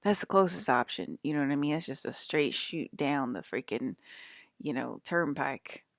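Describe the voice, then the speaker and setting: A woman's voice: sits low, expressive, normal speed, no echo. A woman in her thirties from the US East Coast with an East Coast accent, rambling casually to her viewers, laughing often and sometimes dropping to a whisper. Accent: American East Coast. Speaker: vlogger.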